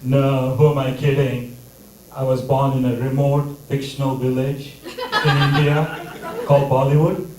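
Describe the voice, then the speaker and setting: A man doing a stand-up comedy set with a deadpan, mock-serious delivery. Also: medium pitch, measured pace, background noise. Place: comedy theater stage. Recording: echoey theater mic from a distance.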